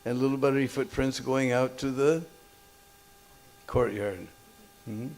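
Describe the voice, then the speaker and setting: Telling a story as a sermon in a temple hall, a man speaks at a medium pitch with fairly even intonation, a measured pace, and a darkish tone. Short "hmm?" and "huh?" checks with his listeners and frequent chuckles run throughout.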